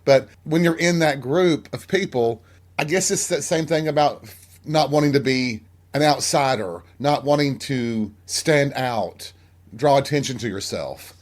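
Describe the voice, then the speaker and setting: A man's voice: mid-range voice, a little slow. Frank, rambling man from Tennessee. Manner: frank and self-deprecating, rambling. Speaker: podcast host. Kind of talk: candid solo monologue.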